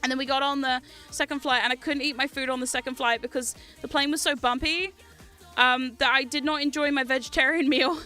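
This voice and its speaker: A young woman with a New Zealand accent, chatting casually as a livestream host, animated and quick to swear and laugh. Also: high-pitched, faint music behind. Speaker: streamer.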